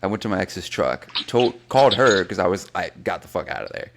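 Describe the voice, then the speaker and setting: A man with a low, gravelly voice and plenty of vocal fry, chatting casually as a podcast co-host. He is from South Florida and tells his stories with a profane, animated energy, acting out other people's lines as he goes. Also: fairly quick, heavy background noise. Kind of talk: casual chat.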